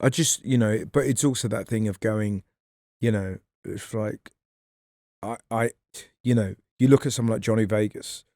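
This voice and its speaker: A man, a comedian guest on a podcast, talking in a rambling, animated way and swearing freely. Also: lowish voice, normal speed, vocal fry, no room sound, studio quality. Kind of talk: casual podcast chat.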